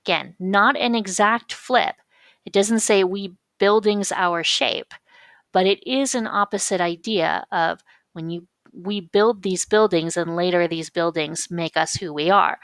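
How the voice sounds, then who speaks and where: A woman teacher explaining figures of speech patiently, reading quotations slowly and with emphasis. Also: fairly low pitch, fairly bright tone, no room sound. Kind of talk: recorded lecture on figures of speech.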